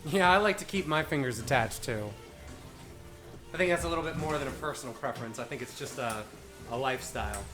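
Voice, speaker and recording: A man's voice: mid-range voice, expressive, brisk. A man hosting a casual livestream, explaining his homebrew setup with a playful, joking manner. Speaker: livestream brewing host. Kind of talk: casual chat. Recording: echoey room, faint music behind.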